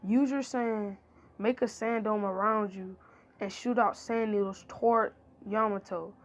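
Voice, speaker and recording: A woman's voice: mid-range voice, steady tone, a little slow, natural voice. A woman voicing a brash teenage boy ninja who boasts and gives orders. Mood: boastful. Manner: boastful, takes charge.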